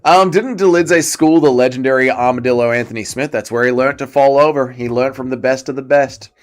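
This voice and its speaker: A man's voice: mid-range voice, brisk. A young Australian man hosting a livestream, giving crude, mocking commentary on fights and answering chat. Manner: profane, mocking, reads chat aloud. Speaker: livestream host. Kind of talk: casual fight-watching commentary.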